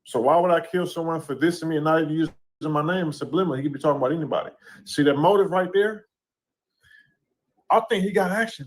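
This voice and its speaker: A man's voice: on the high side, a bit bright. A man in a played clip giving casual commentary on a court case, often asking "you know what I'm saying".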